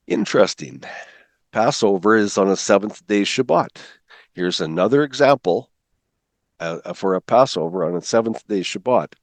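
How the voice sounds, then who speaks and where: A man teaching a Bible calendar class from slides, talking quickly and putting questions to his listeners. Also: lowish voice, no room sound.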